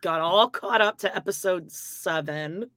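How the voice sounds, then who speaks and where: A woman co-hosting a podcast over a video call, leading the topics in a steady, wry casual chat while coming down with a cold. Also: on the low side, unhurried, no echo, clean studio sound. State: coming down with a cold, clearing throat. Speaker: podcast co-host.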